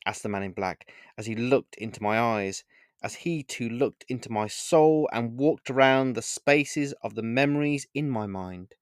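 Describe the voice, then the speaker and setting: Man, author reading his own short story aloud, measured and earnest, mid-pitched voice, dry close sound. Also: clear, resonant tone, no echo. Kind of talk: first-person short-story narration.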